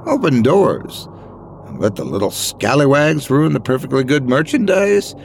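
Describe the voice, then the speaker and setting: A man voicing a sly, eccentric older gentleman with a Scottish accent, who talks in a theatrical, old-fashioned way. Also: medium pitch, very animated, moderate pace, creaky, noisy background. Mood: aghast.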